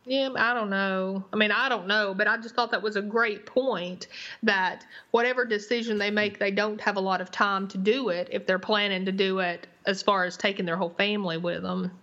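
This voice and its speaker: A woman's voice: medium pitch, fairly even intonation, moderate pace, pushed and bright. A woman co-hosting a casual TV recap podcast, talking in a hesitant way with lots of "I mean" and "I don't know". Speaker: podcast co-host. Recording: dull lo-fi podcast audio.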